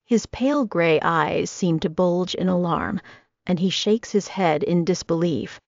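Woman in her twenties, low gravelly voice, steady first-person audiobook read. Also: unhurried, dry recording. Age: 20s. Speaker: audiobook narrator. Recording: dry, slightly dull audio.

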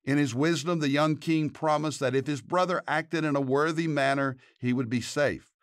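Man, pastor, devotional narration, earnest, measured, dry studio. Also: on the high side, steady tone, no echo. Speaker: pastor and podcast host. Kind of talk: scripted devotional narration and prayer.

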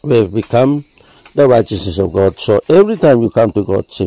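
A man preaching a sermon, explaining step by step with frequent "you see" and a deliberate delivery. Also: lowish voice, animated, warm tone, no echo, low-quality recording.

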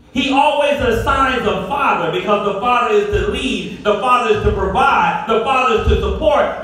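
A middle-aged male pastor preaching a sermon with call-and-response to his congregation, sometimes rising to shouts. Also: very high-pitched. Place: church sanctuary. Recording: echoey hall, far from the mic.

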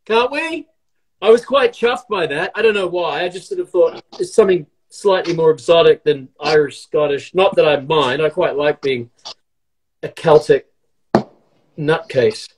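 A middle-aged man talks casually as he bakes, his voice sitting a little high for a man. He jokes, rambles and pokes fun at himself. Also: moderate pace, a little hiss or hum. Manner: jokey, rambling, self-mocking. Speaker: actor baking along. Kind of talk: casual chat.

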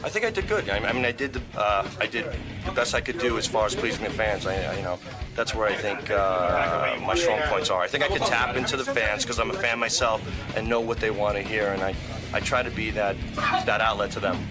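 A man's voice: fairly low pitch, brisk, music in the background, low-quality recording. Rambling man in a casual interview. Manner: rambling, hesitant, then blunt. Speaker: interview guest.

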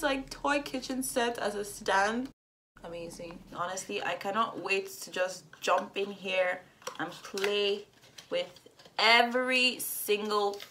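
A young woman excitedly unboxing makeup at home, gasping and gushing as she goes. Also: medium pitch, slight background noise. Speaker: beauty vlogger.

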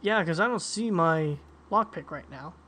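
A man's voice: on the high side, lively intonation, moderate pace, bright, forceful tone. A man playing a game and chatting casually, reading in-game notes aloud and reacting to them. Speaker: let's-play gamer.

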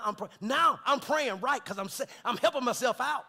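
A man preaching a sermon as pastor of his church, with folksy jokes and laughter, swelling into shouted scripture with call-and-response. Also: very high-pitched, moderate pace. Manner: folksy, joking asides with laughter. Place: church sanctuary.

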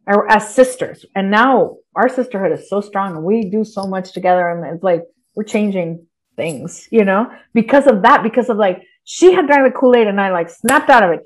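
A middle-aged woman from Texas chats as a podcast guest in a mid-pitched voice. She talks in an animated, loose way, swears freely and breaks into laughs. She is unguarded and candid. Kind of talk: casual interview chat.

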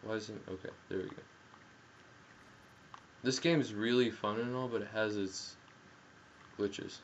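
A young man giving casual, jokey commentary while playing a game, yelling at the action and talking through a headset mic. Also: fairly low pitch, a little slow. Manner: excitable, jokey, yells at the game. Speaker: gameplay commentator. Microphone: gaming headset. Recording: dull headset audio with faint noise.

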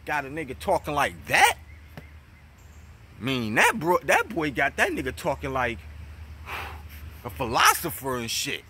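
Husky ny dude trash talking on his vlog, bright sharp voice, mocking and cussing. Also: measured pace, long pauses. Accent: New York. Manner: mocking, profane and animated, swings between loud jabs and low mutters. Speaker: battle rap commentator.

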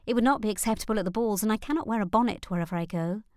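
A woman's voice: mid-range voice, very fast, a little mellow, no echo, clean studio sound, lightly acted. A woman voicing an anxious young noblewoman. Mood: worried. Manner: worried, earnest, rising.

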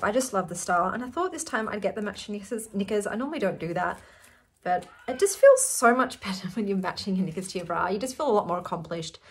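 A woman's voice: medium pitch, lively intonation, quick pace. A woman in her forties with an Australian accent, chatting to camera in an effusive, giggly way. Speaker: vlogger. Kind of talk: casual chat to camera.

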